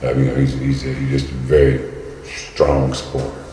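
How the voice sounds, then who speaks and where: A man's voice: a bass voice, monotone, normal speed, mellow. A man in his sixties from Kentucky, a guest telling stories in a rambling way with many fillers and restarts. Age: 60s. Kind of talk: storytelling in casual talk. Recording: roomy hall with long reverb, faint noise.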